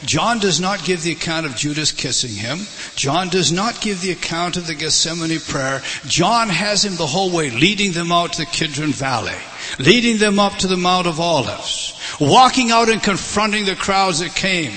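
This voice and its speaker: A man preaching a sermon, impassioned, swelling to loud emphasis and dropping low again. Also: animated, normal speed. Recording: large hall reverb, faint ambience.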